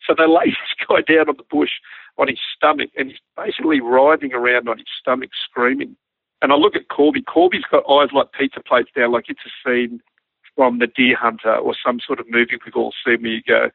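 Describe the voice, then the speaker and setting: An Australian man spins an animated anecdote in a relaxed, matter-of-fact way, his voice gravelly with fry. The sound is dry and narrow, like a phone line. He drifts in and out of other people's voices as he tells it. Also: mid-range voice, fairly quick, no room sound. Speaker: storyteller recounting an army flight.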